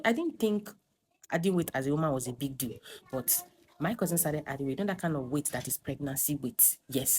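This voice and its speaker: A woman's voice: sits low, darkish tone, slight background noise. A young woman, telling her own story in an emphatic, dramatic way to a phone camera. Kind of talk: personal storytime confession.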